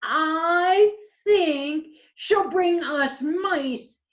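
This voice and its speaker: A woman voicing Sarah, the eldest of three little owl chicks, in a high, earnest voice. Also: very slow, dull audio, full character voice. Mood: hopeful. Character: eldest little owl girl, sensible and hopeful.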